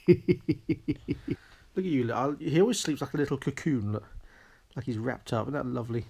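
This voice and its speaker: A man's voice: mid-range voice, a little slow, vocal fry, darkish tone, slightly rough, no room sound. A man vlogging with his toddler, talking to him in a playful, coaxing way. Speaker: father vlogger. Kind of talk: casual family vlog chat.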